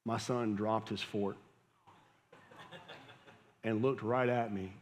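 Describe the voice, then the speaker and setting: A man's voice: on the low side, steady tone, slow pace. A man, preaching a sermon as a pastor, telling a casual, conversational story and laughing at it. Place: church hall with audience. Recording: live church hall with long reverb.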